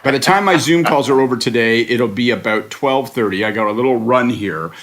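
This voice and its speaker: A man's voice: mid-range voice, fairly quick, a bit bright. A man on a political panel, chatting casually in a sardonic, rambling way with the odd swear word. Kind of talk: casual chat.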